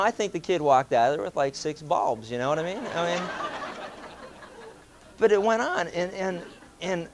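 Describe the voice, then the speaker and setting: A man's voice: fairly high pitch, a little hiss or hum. A man telling a casual, anecdotal story to a group, acting out quoted voices and chuckling as he goes. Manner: animated, acts out quoted voices, chuckles between lines.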